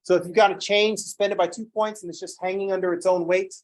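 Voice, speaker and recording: A man teaching a calculus class who lectures in an animated, playfully ranting way. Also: sits high, quick pace. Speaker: calculus instructor.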